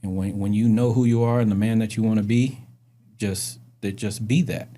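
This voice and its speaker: A man's voice: fairly low pitch, fairly even intonation, moderate pace, warm tone. A middle-aged man hosting a podcast, talking earnestly and reflectively in casual conversation, asking his guests questions. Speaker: podcast host.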